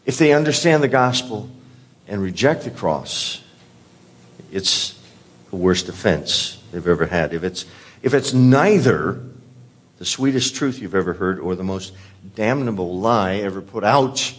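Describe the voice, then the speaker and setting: A man's voice: on the low side, animated, measured pace, slightly rough. A pastor delivering a sermon, an earnest man who often repeats words as he presses a point.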